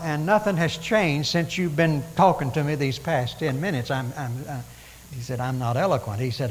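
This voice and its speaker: A man's voice: on the high side, expressive, normal speed, long reverb tail, a little hiss or hum, rough recording. A man preaching a sermon in a church, conversational, with stammered restarts and dramatic paraphrase.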